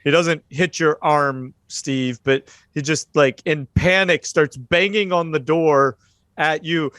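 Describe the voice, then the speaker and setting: A man's voice: a little high, steady tone, slow pace, a bit bright, no echo. A man with a slightly raised voice narrates a tabletop horror game as game master. He talks loosely, with lots of fillers and restarts. The sound is dry and close.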